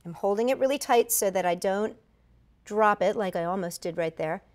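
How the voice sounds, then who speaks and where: A woman's voice: medium pitch, moderate pace. A middle-aged woman giving a chatty step-by-step craft tutorial, correcting herself as she demonstrates. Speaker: craft instructor.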